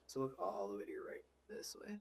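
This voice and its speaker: A man working as a bodywork practitioner, calmly giving instructions during treatment. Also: fairly low pitch, fast, slightly rough, no echo. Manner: calm, directive. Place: clinic treatment room.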